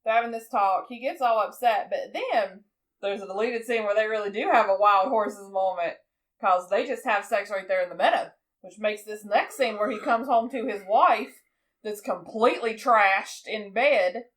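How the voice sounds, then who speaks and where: A woman's voice: medium pitch, moderate pace. A woman in her thirties co-hosting a podcast, chatting casually as she retells a movie and acts out its lines. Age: 30s. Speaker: podcast co-host. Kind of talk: casual film recap chat.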